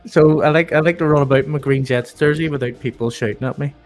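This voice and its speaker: A man's voice: fairly high pitch, quick pace, soft background music. A man with an Irish accent hosting a sports podcast, bantering in jokey casual chat. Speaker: podcast host.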